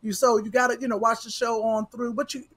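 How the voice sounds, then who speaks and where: High-voiced animated woman host. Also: brisk. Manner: animated storytelling and teasing. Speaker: podcast host. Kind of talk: casual chat.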